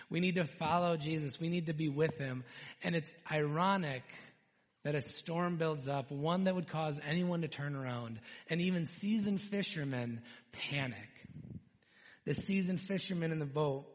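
A man preaching a sermon, retelling a scripture story with animated storytelling and dropping to hushed tones for emphasis. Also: on the high side. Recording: long reverb in a hall.

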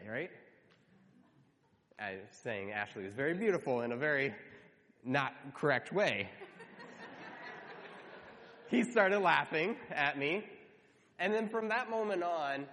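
A man's voice: a little high, a bit bright. A male pastor telling a personal story in a sermon, conversational and earnest. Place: large church hall. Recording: reverberant church hall.

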